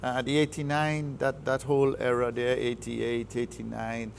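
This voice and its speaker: A man's voice: mid-range voice, completely flat delivery, normal speed, creaky, a little hiss or hum. A man with a Trinidadian accent, a football coach giving an interview, speaking emphatically and repeating words as he builds his points. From Trinidad and Tobago. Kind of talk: studio interview.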